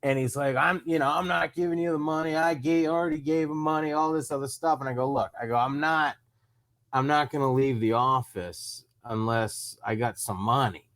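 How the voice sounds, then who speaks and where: A comedian from Rhode Island telling a long story in casual chat, acting out both sides of the conversation. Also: male voice, medium pitch, fairly even intonation, moderate pace, fairly bright tone. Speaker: comedian guest.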